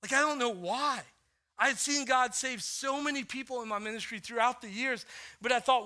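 A middle-aged man preaching a sermon as pastor, telling a family story in a casual way with many fillers, dropping to a hush and then rising to animated bursts. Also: very high voice, normal speed.

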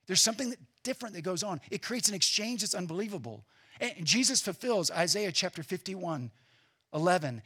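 An earnest man delivers a sermon as pastor, pressing his points with emphasis and then easing into quiet reflection. His voice sits a little high, with a bright, forceful edge and a husky grain. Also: expressive, brisk.

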